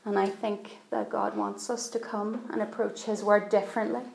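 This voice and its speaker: A woman preaching in an echoey church hall, her voice slightly gravelly and mid-pitched. She tells the story earnestly and repeats phrases for emphasis. A faint hiss sits under the recording. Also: level tone, moderate pace, a little mellow. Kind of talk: sermon storytelling.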